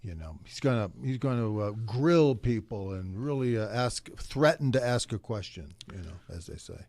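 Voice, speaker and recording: Older dude radio host, wry teasing banter, dry mic. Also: male voice, medium pitch, expressive, moderate pace, darkish tone, dry recording. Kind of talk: casual sports talk.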